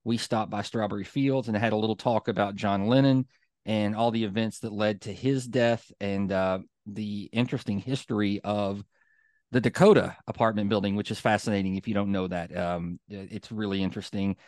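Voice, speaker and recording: A man's voice: on the low side, fairly even intonation, normal speed, a little mellow, dry recording, clean studio sound. A man co-hosting a podcast, telling stories casually with plenty of fillers and getting fired up. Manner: chatty storyteller, many fillers, gets fired up. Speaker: podcast co-host. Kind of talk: casual chat.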